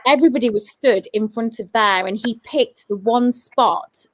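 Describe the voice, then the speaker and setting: A woman's voice: a little high, moderate pace. A woman paranormal investigator telling her story in casual chat, eager and full of restarts. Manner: eager, restarts and repeats phrases.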